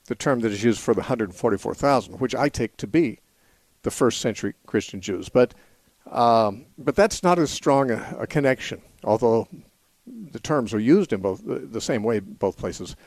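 A man hosting a call-in radio show, answering questions about the Bible in a measured, explanatory way, thinking aloud with small restarts. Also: medium pitch, lively intonation, darkish tone, dry recording. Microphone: studio mic.

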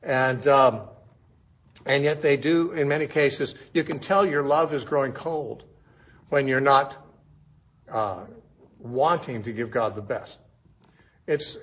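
A man's voice: a little high, a bit bright, breathy edge. A man teaching through a Bible passage verse by verse in a conversational way, asking rhetorical questions as he explains. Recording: dull lo-fi recording.

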